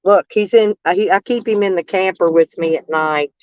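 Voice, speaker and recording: A woman's voice: fairly low pitch, moderate pace, a little mellow, clear, resonant tone, no echo. An older woman, chatting casually with live-stream viewers in a rambling, folksy, blunt way with frequent swearing. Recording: dull, dry lo-fi stream audio.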